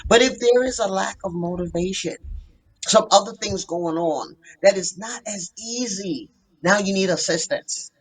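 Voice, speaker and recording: A woman's voice: mid-range voice, measured pace, husky, low-quality recording. A woman therapist telling her story as a podcast guest, earnest and emphatic. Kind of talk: podcast interview.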